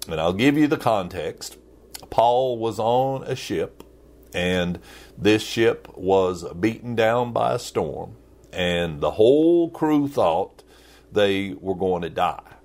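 A man preaching a sermon as pastor, playful and repeating key phrases slowly for emphasis. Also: sits low, a little mellow.

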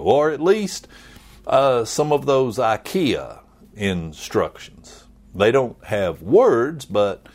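A middle-aged male pastor delivering a sermon at an unhurried, deliberate pace. His voice sits low, yet it swings widely in pitch, and now and then he drops suddenly to a whisper. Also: a little mellow.

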